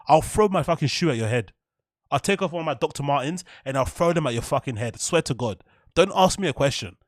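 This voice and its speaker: A man's voice: on the high side, no room sound, studio quality. A British man hosting a podcast, ranting in heated, profane comedic commentary and laughing at his own jokes. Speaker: podcast host.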